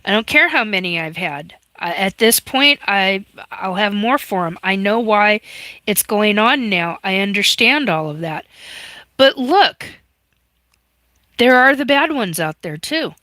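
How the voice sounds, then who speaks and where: Slow-talking, choked-up woman streamer. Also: medium pitch, expressive, bright, forceful tone, dry recording. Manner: tearful, halting, reading out viewer comments. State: choked up, sniffling. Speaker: livestream host. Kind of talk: emotional livestream monologue. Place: home livestream.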